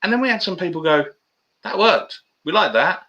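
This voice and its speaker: A man's voice: high-pitched, big pitch swings, normal speed, pushed and bright, highs cut off. A man, a guest telling stories in casual, matey banter on a video-call interview. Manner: chatty storyteller, matey banter.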